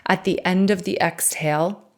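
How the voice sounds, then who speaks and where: A woman podcast host and life coach leading a guided breathing meditation, calm and counting breaths aloud. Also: fairly low pitch, normal speed.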